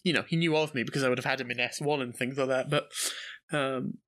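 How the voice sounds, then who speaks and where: Bright-voiced Scottish man telling a tale. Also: medium pitch, quick pace. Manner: animated, swears freely, acts out voices in anecdotes. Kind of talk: casual storytelling.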